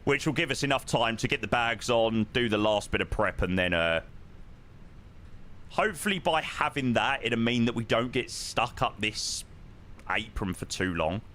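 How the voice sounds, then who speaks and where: A man's voice: mid-range voice, animated, normal speed, a bit bright. Chatty man streaming a flight sim. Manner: chatty, swears, talks to chat. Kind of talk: casual live-stream chat.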